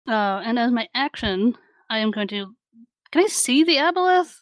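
A woman's voice: a little high, lively intonation, normal speed, no echo, rough recording. A woman player in a tabletop game, chatty and laughing often. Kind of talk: casual tabletop game play.

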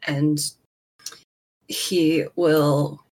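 A woman player in a tabletop game, describing her character's actions deliberately. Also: low voice, little pitch movement, darkish tone. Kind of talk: casual tabletop game play.

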